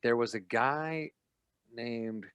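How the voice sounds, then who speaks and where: A man's voice: mid-range voice, takes it slowly, smooth, no room sound. A man, a guest comedian on a podcast, telling stories in casual chat and acting out what others said with laughs. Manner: animated storyteller, acts out quoted lines, laughs while talking. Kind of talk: casual interview chat, storytelling.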